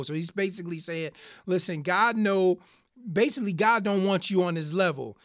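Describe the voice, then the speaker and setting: A podcast host teaching the Bible, reading verses aloud and then explaining them earnestly and with excitement. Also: medium pitch, moderate pace, dry recording, clean studio sound. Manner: earnest and excited, talking straight to listeners as "guys"; reads scripture aloud in King James wording, then explains it. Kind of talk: Bible study podcast talk.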